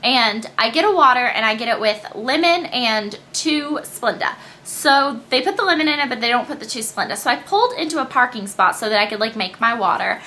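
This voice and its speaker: Bright, chatty young woman vlogger. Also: high voice. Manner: chatty and animated, quick asides and quoted voices. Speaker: beauty vlogger. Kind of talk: casual storytelling vlog.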